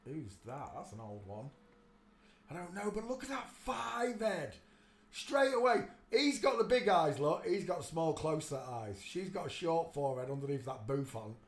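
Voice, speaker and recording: A man hosting a casual livestream, rambling to himself as he browses pictures and turning loud and animated when he tells a story. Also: on the high side, normal speed. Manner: rambling, talks to himself while searching pictures; gets loud and animated telling stories. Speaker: livestream host. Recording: roomy echo with faint ambience.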